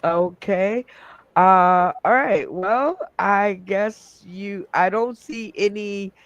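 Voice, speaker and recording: Male comedy host, high pitch, laid-back pace, laughs a lot, rambles, video call. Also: very slow, a bit bright, dry recording, highs cut off. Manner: laughs often, rambling with fillers. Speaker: game show host. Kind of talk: casual comedy hosting.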